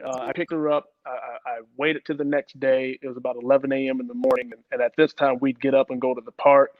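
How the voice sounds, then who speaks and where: A young man giving a personal account in an interview, halting, with many restarts and repeated words. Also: medium pitch, a little mellow, no room sound. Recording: dull lo-fi sound, dry.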